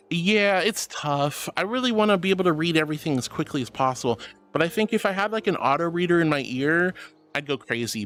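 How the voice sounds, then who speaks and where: A man's voice: on the high side, fairly bright tone. A bubbly, affectionate man streaming and chatting casually as he reads out viewer messages. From Florida. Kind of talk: casual chat reading messages.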